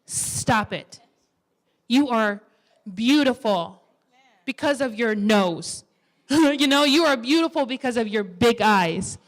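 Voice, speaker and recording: A young woman in her twenties delivers a church sermon with a fairly high voice. She exhorts her listeners in a lively way and drops playful asides between her points. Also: slow pace. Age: 20s. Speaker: women's ministry speaker.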